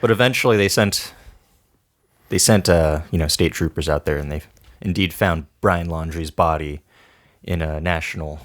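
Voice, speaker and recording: A man's voice: extremely low pitch, moderate pace. A young man co-hosting a casual podcast, rambling and jokey. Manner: rambling, jokey, drops into impressions. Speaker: podcast co-host. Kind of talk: casual chat.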